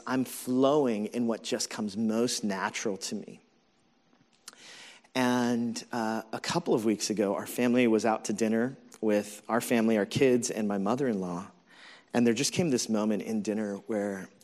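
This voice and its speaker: A man in his forties, a pastor, preaching a sermon in a candid, conversational storytelling way with many fillers. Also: on the low side.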